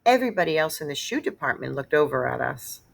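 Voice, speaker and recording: A woman reading a children's novel aloud, expressive and storytelling. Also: sits low, quick pace, vocal fry. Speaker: read-aloud narrator.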